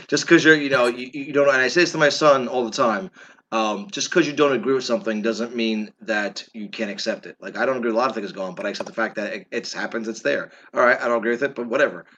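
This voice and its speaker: Opinionated guy ranting, bright and lo-fi. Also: mid-range voice, fast, slight background noise. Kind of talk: casual chat.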